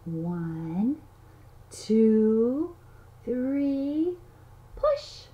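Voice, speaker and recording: A woman's voice: a little high, sing-song, extremely slow, warm tone. A woman giving a playful lesson to toddlers, counting aloud and making animal sounds in a sing-song way. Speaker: children's teacher. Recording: slightly dull audio, faint noise.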